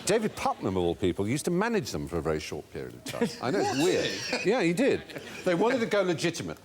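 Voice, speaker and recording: A man's voice: on the high side, quick pace, background noise. An Englishman telling an anecdote on a comedy panel show, slipping into voices and chuckling. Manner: animated storyteller who slips into voices, chuckling as he goes.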